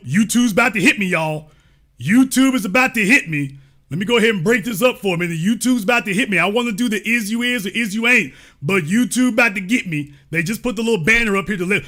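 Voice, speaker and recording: A man's voice: high-pitched, a bit bright. A man hosting a livestream, giving emphatic, preachy commentary with lots of rhetorical questions. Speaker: livestream show host.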